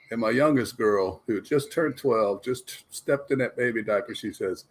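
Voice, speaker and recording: A man's voice: mid-range voice, a little slow. A man telling funny family stories on a talk panel, laughing as he goes. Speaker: panelist parent. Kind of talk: casual storytelling.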